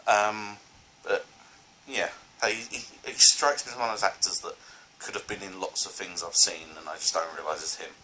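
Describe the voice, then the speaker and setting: A man's voice: low voice, fairly even intonation, normal speed, pushed and bright, a little hiss or hum, low-quality recording. A man reviewing films in a casual vlog, rambling and enthusiastic, full of fillers and restarts. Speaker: film reviewer.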